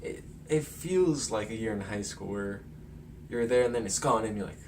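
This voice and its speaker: A man's voice: fairly low pitch, moderate pace, a little mellow. Rambling male vlogger, distant mic. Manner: rambling, filler-heavy, chuckles while talking. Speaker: film commentary vlogger. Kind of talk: casual movie analysis. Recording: distant mic with faint noise.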